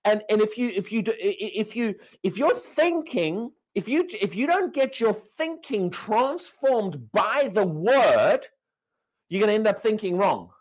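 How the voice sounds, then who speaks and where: A man's voice: high-pitched, very animated, measured pace. A man preaching a sermon, emphatic and questioning, repeating and restarting words as he drives his points home.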